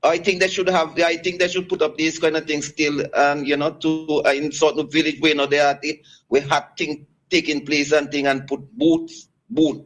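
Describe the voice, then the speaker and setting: A man calling in to a radio show by phone, rambling and halting with many restarts. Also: a little high, a bit bright, soft background music, low-quality recording. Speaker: caller. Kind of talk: call-in radio talk.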